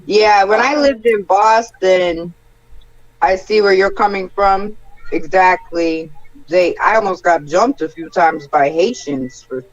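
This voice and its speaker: A man's voice: high-pitched, slow, lo-fi sound. A man from the Midwest of the United States on a casual panel, reflecting thoughtfully and hedging his opinions.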